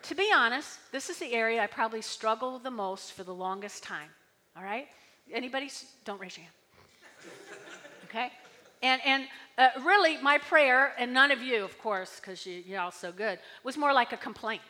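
A woman's voice: sits high, lively intonation, moderate pace, bright, forceful tone. A woman pastor preaching a sermon in a chatty way, often checking in with the congregation and leading call-and-response. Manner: chatty, tag questions, audience call-and-response. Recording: long hall reverb.

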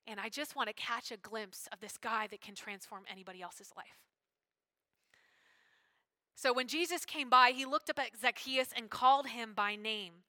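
A woman preaching a sermon in an animated, conversational way with casual slang. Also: on the high side, normal speed, no room sound.

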